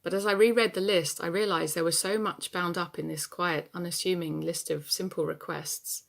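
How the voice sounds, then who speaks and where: A woman's voice: fairly low pitch, steady tone, moderate pace, vocal fry. A woman performing a stage monologue as an adult daughter anxious about her aging parents, telling her story in a wry, confessional way. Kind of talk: theatre monologue.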